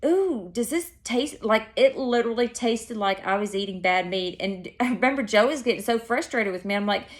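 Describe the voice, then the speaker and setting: A woman's voice: medium pitch, a little fast, hardly any pauses. A woman chatting casually to camera, rambling and correcting herself mid-sentence as she tells her story. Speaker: vlogger.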